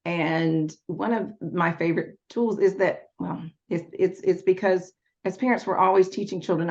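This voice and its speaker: Woman, parenting educator, interview guest, patient teaching manner, low gravelly voice, muffled lo-fi audio. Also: fairly even intonation, moderate pace, few pauses, a little mellow. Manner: patient, instructive explaining. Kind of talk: interview answers. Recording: dull lo-fi audio.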